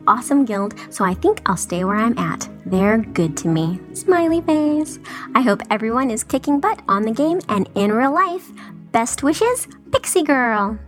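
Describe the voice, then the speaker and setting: A woman podcast co-host reading a listener's email aloud in a chirpy, lively way. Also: fairly high pitch.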